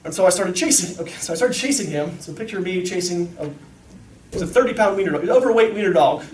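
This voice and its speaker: High, animated man speaking in an echoey room. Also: noisy background. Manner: animated storyteller, acts out voices. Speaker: speaker at a parenting talk. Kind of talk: lively talk to an audience. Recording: echoey room, mic far off.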